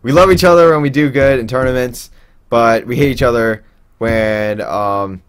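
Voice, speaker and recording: A young man tells a personal story at a mid-range pitch. He rambles and restarts often, filling pauses with "uh" and "like". When he quotes others, his voice jumps up into animated impressions. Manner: rambling, with many fillers and restarts; acts out quoted people in raised voices. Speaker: interviewee telling a personal story. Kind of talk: casual spoken storytelling.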